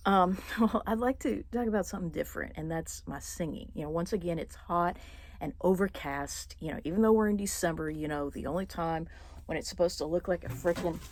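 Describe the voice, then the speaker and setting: A young woman vlogging casually, rambling with many fillers and restarts and clearing her throat now and then. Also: on the low side, a little fast, a little mellow. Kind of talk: casual personal monologue.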